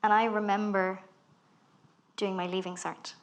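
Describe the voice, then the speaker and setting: A woman about thirty with an Irish accent, a guest speaker in a live onstage conversation, telling animated stories and acting out quoted lines. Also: mid-range voice, measured pace. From Ireland. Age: 30s. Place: festival talk stage.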